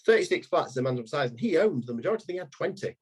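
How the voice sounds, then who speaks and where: Man, thirties, husky voice, rambling anecdotes, podcast guest. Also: on the high side, very animated, rapid-fire. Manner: rambling anecdotal, frequent restarts. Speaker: estate agency owner. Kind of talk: podcast interview storytelling.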